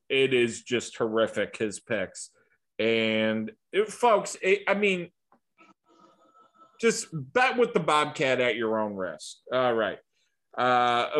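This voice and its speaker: A man's voice: mid-range voice, fairly bright tone. A man hosting a casual sports podcast, joking and cursing freely. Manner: joking and profane. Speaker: podcast host.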